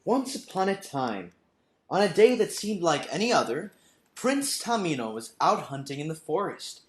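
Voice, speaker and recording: A man, a teacher, reading a storybook aloud with slow, dramatic expression. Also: on the high side, sing-song. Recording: roomy room, faint background music.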